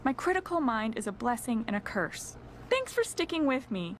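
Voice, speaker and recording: A woman's voice: a little high, big pitch swings, normal speed, a little hiss or hum. Shy, awkward young woman, voiced by an actress. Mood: eager. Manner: awkward, eager.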